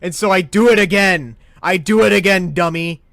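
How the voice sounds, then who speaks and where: A man telling a comic story as a profane, exasperated rant that swings between loud outbursts and muttered asides. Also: high voice, normal speed, gravelly, no room sound, studio quality. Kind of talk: comedic ranting story.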